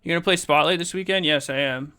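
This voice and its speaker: A male streamer answering his chat while playing a card game, quick and argumentative. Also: on the high side, bright, forceful tone, smooth.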